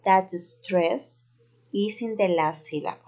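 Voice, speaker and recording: A woman with a Colombian Spanish accent, a native Spanish speaker, teaching an English grammar lesson slowly and carefully. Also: medium pitch, darkish tone. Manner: slow, careful explaining. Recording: dull lo-fi recording.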